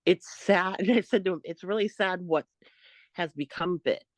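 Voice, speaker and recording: A woman co-hosting a podcast, telling a story in a casual, animated way, quoting what others said. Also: fairly low pitch, moderate pace, no echo. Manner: animated retelling, quotes others, laughs often. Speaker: podcast co-host.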